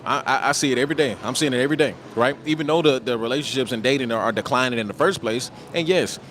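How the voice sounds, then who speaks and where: A man's voice: mid-range voice, fast talker, fairly bright tone, slight background noise. A man from the United States hosting a livestream, talking in a casual, slangy, emphatic way and ending nearly every point with "right?". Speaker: livestream host.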